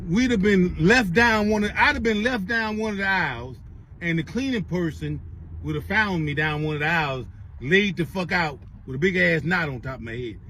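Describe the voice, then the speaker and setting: A man rants casually to his camera while headed to work, his voice pitched up high and his story rambling and full of cursing. Faint traffic and car hum sit underneath. He keeps circling back to his point. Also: normal speed, poor audio. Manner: rambling, profane, animated retelling. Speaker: vlogger.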